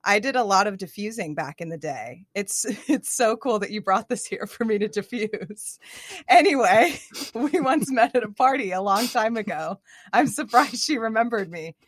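A chatty, boastful woman radio producer, read aloud by a woman at the game table in a rambling, bragging tone. The voice swings widely in pitch and sits in a dry room with no echo. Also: expressive, moderate pace, lightly acted. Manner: rambling, bragging reading of scripted lines.

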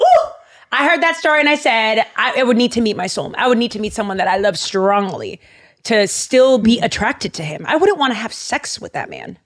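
A young woman co-hosting a podcast, telling stories in an animated, casual way, with frequent fillers and restarts. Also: on the high side, a little fast. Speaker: podcast co-host. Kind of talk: casual chat.

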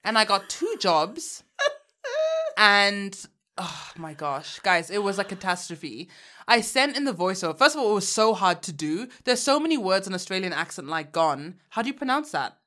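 A woman from Uganda co-hosting a podcast in casual chat, animated and frank, laughing often and using slang. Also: medium pitch, normal speed. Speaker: podcast co-host.

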